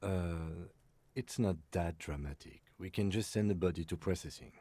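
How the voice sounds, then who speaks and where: A low, mellow and slightly husky lieutenant, who sounds unhurried and dryly understated. The voice is heard as distant game audio. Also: male voice, no room sound. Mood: dry calm. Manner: dry, understated, patient.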